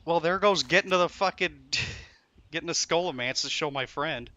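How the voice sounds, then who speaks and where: A man's voice: fairly high pitch, moderate pace, pushed and bright. A young man streaming a game from his room at home, ranting and swearing to his chat in frustration. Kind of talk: frustrated live-stream commentary.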